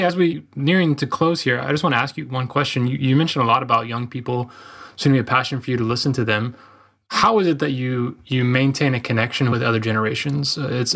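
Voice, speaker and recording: A man's voice: medium pitch, vocal fry, a bit bright. A man hosting a podcast, putting long, conversational questions to his guest. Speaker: podcast host. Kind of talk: interview questions.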